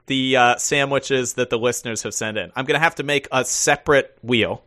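A man's voice: mid-range voice, a little fast, sharp tone, dry recording, studio quality. A man co-hosting a casual podcast, joking and swearing freely as he talks. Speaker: podcast co-host. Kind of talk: casual chat.

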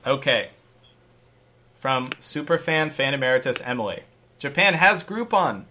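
A man hosting a casual podcast, briskly reading a listener's note aloud in a playful way. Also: mid-range voice, expressive, pushed and bright. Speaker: podcast host.

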